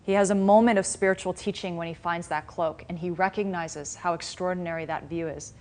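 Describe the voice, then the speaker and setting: A woman spiritual teacher giving a dharma class, retelling a story in a conversational, animated way with frequent restarts. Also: lowish voice, fairly quick. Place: class in a meditation center.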